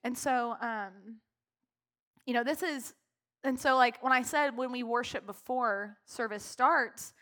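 A worship leader in a church sanctuary gives a spontaneous, emotional talk, frequently laughing and using "like" a lot. She speaks unhurriedly, her voice a little high with a fairly bright tone.

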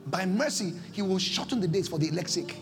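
A Nigerian-accented man preaching a sermon as pastor, impassioned, swinging between shouts and low pleading, in a church service. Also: expressive, fast talker.

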